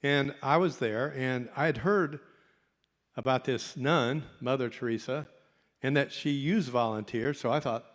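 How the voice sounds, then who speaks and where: Long reverb from the convention hall surrounds this middle-aged doctor as he tells his audience a folksy story at his own expense. His voice sits in the mid-range, and he speaks without hurrying.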